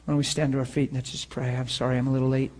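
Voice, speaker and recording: A man's voice: mid-range voice, little pitch movement, racing, a little mellow. A man, a pastor, giving an informal sermon to students in a room and online, telling personal stories in an earnest, conversational way before closing in prayer. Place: room with students present, also streamed online.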